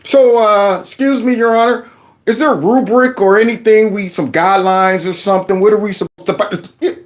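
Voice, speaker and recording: A man hosting a political commentary show, animated and mocking, slipping into impressions. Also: normal speed. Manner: animated, mocking impressions, lively pitch swings.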